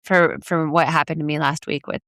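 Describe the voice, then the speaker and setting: Woman podcast host, low-pitched, smooth but gravelly, chatty coaching talk, dry close sound. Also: little pitch movement, fairly quick, a bit bright, dry recording. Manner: chatty, frequent "like" and "you know"; laughs now and then, playful swearing. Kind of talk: casual solo podcast talk.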